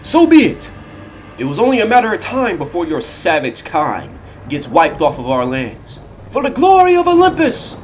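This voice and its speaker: A man voicing arrogant, zealous enemy soldiers who shout threats and war cries. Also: high voice, wildly swooping pitch, moderate pace, slight background noise, pitched above the performer's own voice. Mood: arrogant, threatening. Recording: music playing loudly behind.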